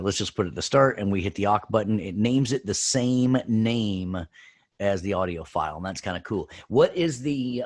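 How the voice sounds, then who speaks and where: Husky upbeat male teacher. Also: medium pitch. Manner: upbeat and jokey, keeps checking in with "right?". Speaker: audio production teacher. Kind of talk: classroom software demonstration.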